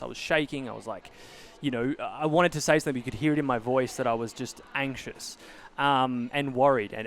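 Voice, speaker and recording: A man's voice: mid-range voice, a little hiss or hum. A man hosting a podcast, talking in an earnest, reflective way with many fillers and restarts. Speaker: podcast host. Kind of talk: casual conversational interview.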